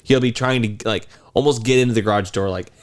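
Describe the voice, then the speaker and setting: Male co-host, thirties, mid-range voice, rambling animated storyteller. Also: mid-range voice, fast talker. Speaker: podcast co-host. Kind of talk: casual storytelling chat.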